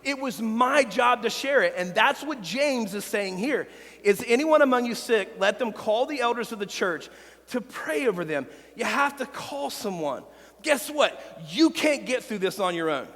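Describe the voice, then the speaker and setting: High-voiced pastor in a reverberant sanctuary. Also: male voice, lively intonation, moderate pace. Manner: earnest and personal, with quiet confessional stretches. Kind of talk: sermon. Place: church sanctuary.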